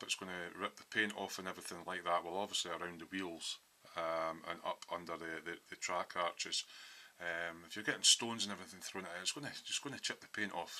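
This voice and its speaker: Deep, sharp-toned man, hesitant. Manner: hesitant, lots of ums, explains his thinking step by step. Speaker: hobby scale modeller. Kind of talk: casual workshop build walkthrough. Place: home hobby workshop.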